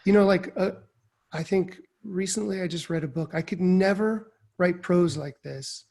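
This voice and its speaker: Writer guy on a panel, kinda high gravelly voice, earnest and rambly, video call. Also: normal speed, darkish tone. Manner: reflective, earnest, with fillers. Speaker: creative writing faculty panelist. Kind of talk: casual panel discussion.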